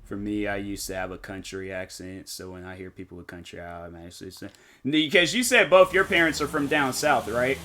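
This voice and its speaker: A man's voice: lowish voice, fairly quick, bright, forceful tone. A man streaming a game, chatting casually with viewers and rambling as he thinks aloud, often restarting his sentences. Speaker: gaming streamer.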